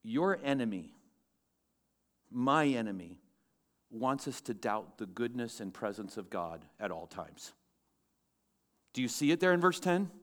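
A man, a pastor, preaching a sermon to his congregation in a church, asking the room questions and rising loud and animated when he quotes scripture. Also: medium pitch, unhurried, pauses often.

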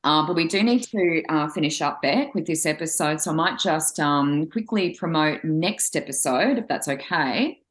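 A woman's voice: low-pitched, animated, moderate pace, few pauses. A woman co-hosting a spiritual podcast, speaking in a reassuring, casual way directly to listeners. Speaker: podcast co-host, psychic reader. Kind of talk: casual chat.

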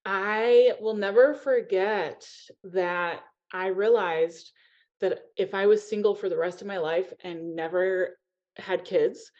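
A woman's voice: medium pitch, steady tone, takes it slowly, darkish tone. Earnest woman sharing her story, lo-fi. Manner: emotional, open, lots of "um" and "like". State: teary-eyed. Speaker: podcast guest. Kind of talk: heartfelt personal storytelling. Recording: dull lo-fi sound.

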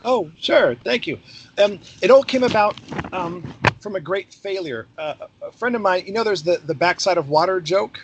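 A man's voice: high-pitched, moderate pace, noisy background. A middle-aged man, a podcast guest, telling stories in a casual interview and acting out the dialogue with energy. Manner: animated, acts out quoted dialogue. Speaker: podcast guest, former theme park ride skipper.

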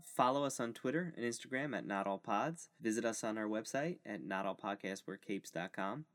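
A man with a lowish voice co-hosts a casual podcast. He talks in a laid-back, teasing way. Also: expressive, fairly quick. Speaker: podcast co-host. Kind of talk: casual chat.

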